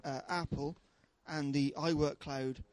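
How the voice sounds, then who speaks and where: A man's voice: a little high, fairly even intonation, a little slow, darkish tone. A man hosting a casual tech podcast, reading news items with lots of laughs and hesitations. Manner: giggly, hesitant, mock announcer reading.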